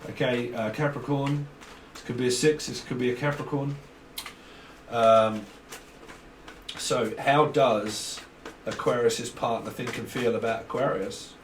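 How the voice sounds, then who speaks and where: Rambling, jokey tarot reader. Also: male voice, mid-range voice, fairly even intonation, unhurried, pauses often. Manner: jokey, rambling, breaks into song and silly voices. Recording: roomy, distant mic, faint hiss.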